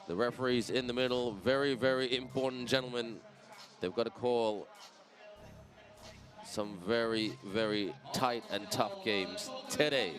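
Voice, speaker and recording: A man commentating a live basketball game, energetic and chatty, greeting viewers in several languages. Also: medium pitch. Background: crowd.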